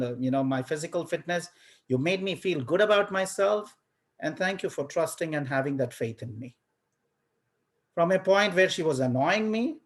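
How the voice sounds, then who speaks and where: A man teaching a university class in a casual lecture style, telling stories animatedly and acting out his own reactions, often repeating words as he starts a thought. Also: on the high side. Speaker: university professor.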